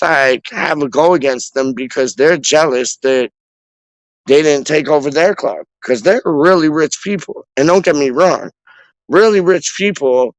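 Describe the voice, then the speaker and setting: A man from Canada with a slightly high voice hosts a casual fan-channel livestream, reading the chat aloud and riffing in repetitive street slang, calling people dog. The low-quality recording has no echo.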